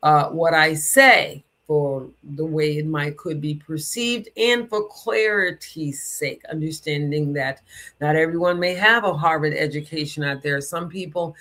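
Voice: mid-range voice, measured pace, bright, forceful tone. Emphatic speaker in a loose spiritual talk. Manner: emphatic, stretches words for stress; conversational, loose, with asides. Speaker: spiritual teacher.

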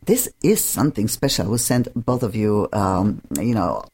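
A woman's voice: rumbling low, expressive, normal speed, darkish tone, husky. Effusive woman radio host with an accent. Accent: foreign accent. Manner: effusive, gushing, non-native English phrasing. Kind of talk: casual interview chat.

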